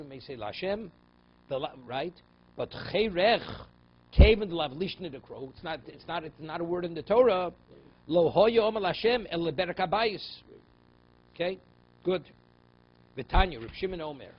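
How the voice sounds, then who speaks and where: Rabbi teaching Talmud, lo-fi recording. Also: male voice, a little high, slight background noise. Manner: explains in English mixed with Hebrew and Aramaic terms; rhetorical questions, frequent "right?" and "okay?". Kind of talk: daily Talmud class.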